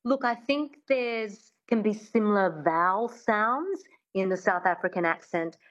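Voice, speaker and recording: A woman's voice: medium pitch, expressive, measured pace, highs cut off. A woman, a coach, speaking eagerly and agreeably as a guest on a radio talk show. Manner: enthusiastic, agreeable. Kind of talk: radio interview.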